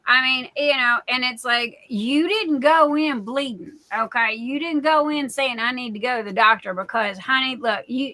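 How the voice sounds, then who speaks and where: A woman's voice: high-pitched, moderate pace, few pauses, sharp tone, no echo. A middle-aged woman hosting a livestream, telling rambling folksy stories in a casual chat full of fillers. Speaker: livestream host.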